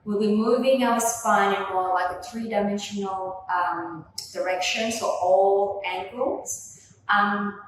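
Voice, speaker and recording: A young woman leading a gentle Pilates workout with slow, soothing cues, filmed on a camera from across the room. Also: mid-range voice, slight background noise. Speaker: Pilates instructor. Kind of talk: guided workout instruction. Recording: echoey room, voice from a distance.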